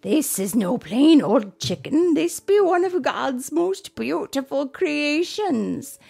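A woman voicing the oldest Amish woman, a wise, kindly elder who speaks slowly in old-fashioned phrasing. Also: high-pitched, big pitch swings, creaky, pitched above the performer's own voice, full character voice. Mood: reassuring. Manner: slow, gentle, old-fashioned speech.

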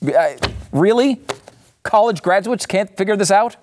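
Sarcastic man with a lively high voice. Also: unhurried, slight background noise. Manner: sarcastic, incredulous, rising to exasperated outbursts. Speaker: commentary host. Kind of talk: sarcastic monologue reacting to news clips.

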